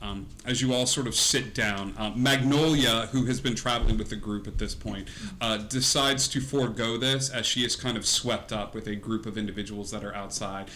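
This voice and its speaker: A man runs a tabletop session with a bright, forceful voice, narrating scenes in a lively way. Laughter keeps breaking into his storytelling, and a faint hiss sits under the recording. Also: fairly low pitch, moderate pace, few pauses. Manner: lively, acting out characters mid-narration. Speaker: game master.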